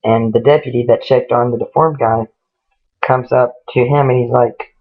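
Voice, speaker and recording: A man's voice: medium pitch, fairly even intonation, normal speed. A man casually retelling a ghost story in a rambling way, stringing events together with "he goes" and "she goes". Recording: tinny phone-like lo-fi audio.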